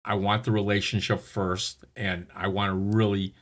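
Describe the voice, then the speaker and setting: A man's voice: fairly low pitch, level tone, moderate pace. A man from Minnesota hosting a podcast interview, affirming his guest and asking follow-up questions. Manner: encouraging, affirming listener. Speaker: podcast host. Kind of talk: casual interview.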